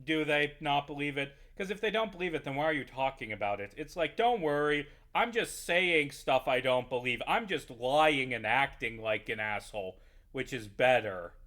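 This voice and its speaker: A man's voice: mid-range voice, animated, normal speed, pushed and bright. A man giving a heated, profane, rambling rant over his gameplay. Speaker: YouTuber playing a game. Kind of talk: ranting gameplay commentary.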